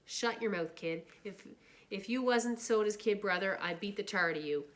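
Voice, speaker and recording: A woman's voice: mid-range voice, normal speed, lightly acted. A woman voicing a blunt, wisecracking teenage greaser boy while reading a novel aloud. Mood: fierce.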